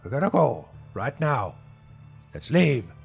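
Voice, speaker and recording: A man voicing a gruff, stubborn old man who talks in a blustering, threatening way. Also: medium pitch, very animated, takes it slowly, soft background music, full character voice.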